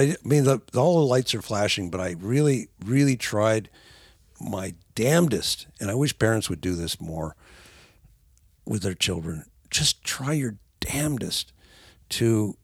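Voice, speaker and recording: An older man talking with his son on a podcast in casual conversation, halting with restarts and growing animated. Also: medium pitch, breathy edge, no room sound, studio quality. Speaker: podcast guest, father of the host.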